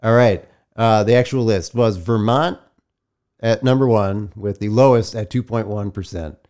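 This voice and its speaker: A man's voice: lowish voice, darkish tone, smooth. A man co-hosting a podcast in casual chat, dry in manner, running a quiz while sounding a little sick. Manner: dry, runs a quick quiz game. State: sick, slightly choked voice. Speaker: podcast co-host.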